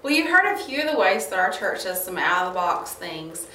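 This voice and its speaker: A woman co-hosting a church ministry talk show, speaking in a measured, encouraging way. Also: fairly low pitch, big pitch swings, pushed and bright. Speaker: co-host. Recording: roomy, distant, faint background noise.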